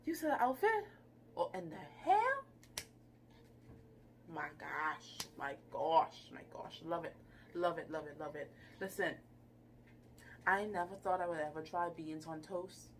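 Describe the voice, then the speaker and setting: A woman casually reviewing a TV episode on her channel, animated and gushing, with playful asides. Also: fairly low pitch, a little slow, faint music behind. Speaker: YouTube reviewer.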